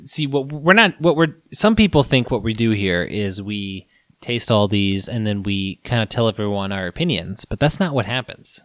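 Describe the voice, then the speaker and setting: A man's voice: lowish voice, expressive, normal speed, dry recording, clean studio sound. A man co-hosting a casual wine tasting chat, rambling and laughing at himself. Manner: rambling, self-deprecating, laughs often. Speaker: co-host of a wine tasting show.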